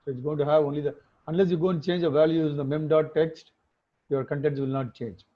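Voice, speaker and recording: A male instructor with a fairly high-pitched voice and steady tone talks fast while teaching an online class. He explains things step by step, often checking in with tag questions, and the audio sounds muffled, like a phone call.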